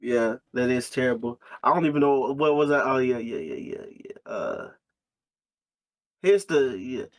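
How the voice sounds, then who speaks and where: A man's voice: medium pitch, lively intonation, normal speed, no echo. A man from the United States, co-hosting a podcast, who reads a novel aloud and jokes about it, laughing often and swearing freely. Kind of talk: casual podcast chat and dramatic reading.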